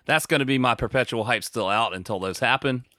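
This American podcast co-host has a mid-range voice and talks fairly quickly with a sharp tone, with no echo. He chats casually, rambling and poking fun at himself, with plenty of filler words.

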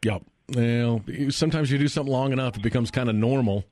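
A man's voice: mid-range voice, quick pace, darkish tone, no room sound. A man hosting a live radio sports show from a studio, chatty and folksy with lots of fillers.

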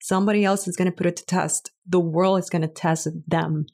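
A woman's voice: on the low side, fairly even intonation, a little fast, a little mellow. A woman in her thirties, a mother co-hosting a faith and parenting chat, telling stories from home. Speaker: podcast co-host. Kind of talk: casual chat, storytelling.

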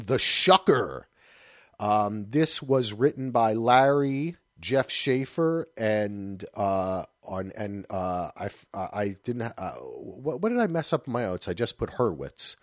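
A man in his thirties hosting a podcast, chatting casually and loosely, with animated asides. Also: mid-range voice, no room sound, clean studio sound. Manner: loose, rambling, breaks into animated voices for anecdotes. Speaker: podcast host.

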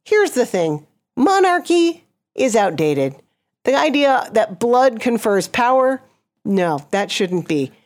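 Animated woman comedian chatting. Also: on the high side, takes it slowly. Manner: animated, jokey, lively storytelling. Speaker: comedian guest. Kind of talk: casual podcast chat.

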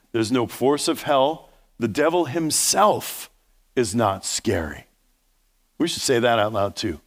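A pastor in his fifties preaching a sermon in a conversational style, joking and teasing his listeners, then pushing up into loud bursts of emphasis. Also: on the high side, sing-song, measured pace. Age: 50s. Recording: reverberant hall.

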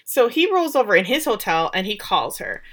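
A woman's voice: mid-range voice, sing-song, a little fast, a crowd in the background. A woman co-hosting a casual podcast, recapping a TV episode with sarcastic asides. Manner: chatty recap with sarcastic asides and acted-out quotes. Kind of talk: casual chat.

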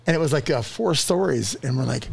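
A man's voice: mid-range voice, a little fast, creaky, slightly rough. A man telling a childhood story in casual conversation, laughing often and acting out the voices of the people in it. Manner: animated, laughing through his story, acts out quotes.

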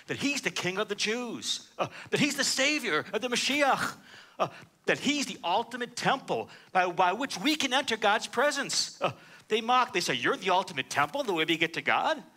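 A man's voice: high-pitched, expressive, moderate pace, sharp tone. A man preaching a sermon, reading scripture aloud and explaining it verse by verse, with frequent "uh" fillers. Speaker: pastor.

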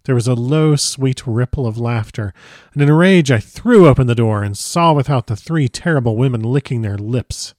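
A man reading a first-person diary aloud as a dramatic audiobook narrator, measured and grave. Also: mid-range voice, expressive, a little mellow, dry recording, clean studio sound.

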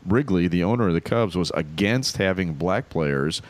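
A man co-hosting a casual comedy podcast, telling stories in a wry, animated way. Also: low voice, moderate pace, dry recording. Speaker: podcast co-host.

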